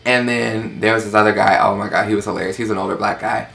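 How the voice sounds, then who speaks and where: Sassy man with a gravelly low voice. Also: fast talker, soft background music. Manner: animated, sassy, acts out quotes in high voices. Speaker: vlogger telling a story. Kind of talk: casual storytime chat.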